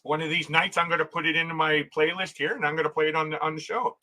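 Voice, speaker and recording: A man's voice: on the high side, steady tone, quick pace, bright, forceful tone, poor audio. A man hosting a casual travel livestream, reading viewer comments aloud, chatting and laughing often, restarting his sentences. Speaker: livestream host.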